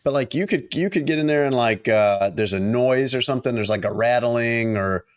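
A man co-hosting a podcast in casual chat, talking in a relaxed way with lots of hedges. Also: medium pitch, moderate pace. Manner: conversational, hedging with fillers. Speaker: podcast co-host.

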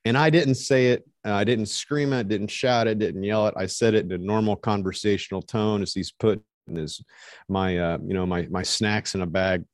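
A man's voice: lowish voice, steady tone, normal speed, no echo, clean studio sound. A man telling a long story as an interview guest, rambling with many fillers and restarts. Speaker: interview guest, street evangelist. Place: Montana resident.

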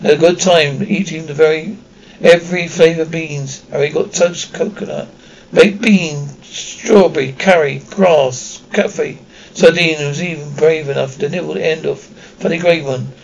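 Gravelly male audiobook reader. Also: fairly high pitch, steady tone, normal speed, lo-fi sound, a little hiss or hum. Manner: reads with frequent slips and restarts. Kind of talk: amateur audiobook narration.

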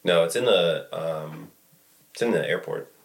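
A man's voice: low-pitched, a little slow, gravelly. A man from the Boston area, a podcast co-host, chatting in a laid-back, rambling way with fillers. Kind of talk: casual chat.

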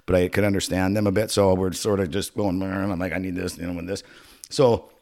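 A man's voice: deep voice, flat delivery, a little fast, warm tone. A middle-aged man co-hosting a podcast, telling a long story in casual chat, swearing often and acting out the voices and sound effects. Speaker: podcast co-host.

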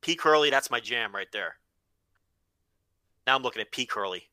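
A man co-hosting a podcast in loose, crude banter, his bright voice jumping around with excitement. He sits fairly high and sounds lively, recorded dry and close. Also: moderate pace, no echo. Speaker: podcast co-host. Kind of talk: casual chat.

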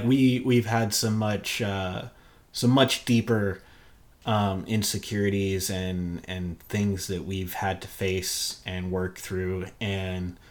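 Low-voiced guy cohosting a podcast, earnest and thoughtful, kinda opens up. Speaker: podcast co-host. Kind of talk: candid relationship podcast talk.

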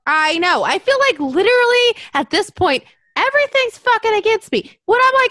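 A woman co-hosting a podcast in casual chat, animated and profane, with frequent laughing asides. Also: very high-pitched, fairly quick, few pauses, no echo, studio quality. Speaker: podcast co-host.

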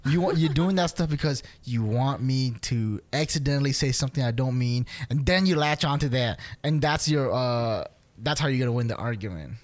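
Laughing frequently, this podcast co-host narrates an argument in casual chat, voicing each side in turn. He has a medium-pitched, expressive voice and talks a little fast.

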